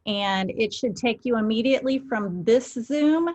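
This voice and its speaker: Woman, video-call co-organizer, slightly high voice, steady and methodical. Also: a little slow, dull audio. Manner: steady, explains step by step. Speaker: webinar co-organizer. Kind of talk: clear instructions on a video call.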